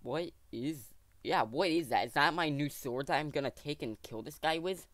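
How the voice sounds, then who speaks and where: Excitable man narrating his gameplay, dry sound. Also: on the high side, normal speed, no echo. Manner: jokey, excitable, thinking aloud to viewers. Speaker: gaming channel host. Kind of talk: let's play commentary.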